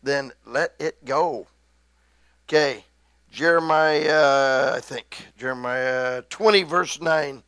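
A middle-aged man preaching a sermon, excitable, swinging from hushed asides to loud, drawn-out scripture readings. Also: medium pitch, clean tone, no room sound.

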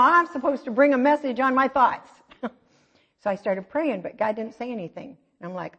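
A woman's voice: a little high, normal speed. Chatty middle-aged woman preaching in a hall. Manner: chatty, self-mocking storytelling with lively asides. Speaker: church speaker. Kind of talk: conversational sermon. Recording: dull, echoey hall recording.

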